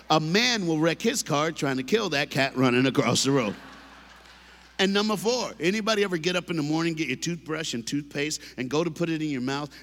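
A man delivering a comedic motivational talk, a bit high for a man, who tells stories and acts out voices and silly sound effects as he goes. His voice trails off into a long hall echo. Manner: animated storytelling, acting out voices and sound effects. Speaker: motivational school assembly speaker. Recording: echoey hall reverb.

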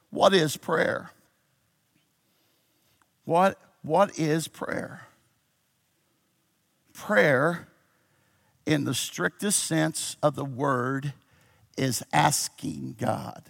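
Gravelly-voiced preacher man, shouting and dropping low. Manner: swings from shouted exhortation to low intimate teaching. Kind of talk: sermon. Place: church with a responsive congregation.

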